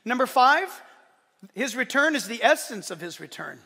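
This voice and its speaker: A man preaching a sermon to his church, animated and swinging from loud declarations to soft, joking asides. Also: very high-pitched, normal speed, creaky, husky, in a large hall. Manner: playful, joking asides to the congregation. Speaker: pastor. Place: church service.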